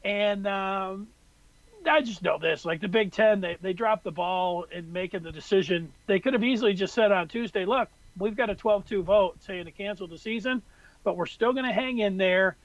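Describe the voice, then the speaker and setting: A high-pitched man co-hosts a casual sports podcast and rambles on in an exasperated tone. His voice is recorded dry and close, with a slightly dull, muffled sound. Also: moderate pace, no room sound. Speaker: podcast co-host.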